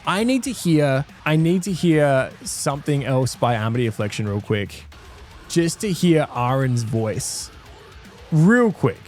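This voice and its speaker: A man's voice: medium pitch, big pitch swings, measured pace. Give me an Australian man streaming a casual music reaction, thinking aloud in an earnest, rambling way with lots of restarts. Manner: rambling, self-interrupting, earnest.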